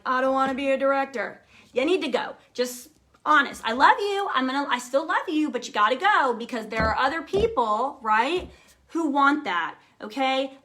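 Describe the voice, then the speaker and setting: Upbeat woman coaching her team, bright voice. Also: sits high. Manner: upbeat, emphatic, peppered with "okay?" and "right?". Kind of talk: motivational live talk to her team.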